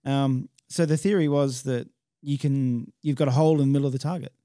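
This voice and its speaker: A man's voice: mid-range voice, steady tone, brisk, warm tone, no room sound, clean studio sound. A man, a match director explaining stages in a casual podcast chat. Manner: explanatory, technical detail.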